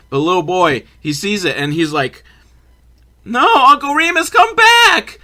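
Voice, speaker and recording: Animated high-pitched man recapping a film. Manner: animated, swears freely, acts out characters in quoted voices. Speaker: host reacting to a film.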